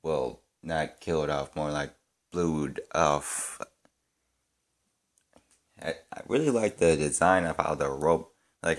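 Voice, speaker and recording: A man giving his casual opinions as a fan reviewer, talking in halting bits full of restarts and fillers, thinking aloud. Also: extremely low pitch, fairly bright tone.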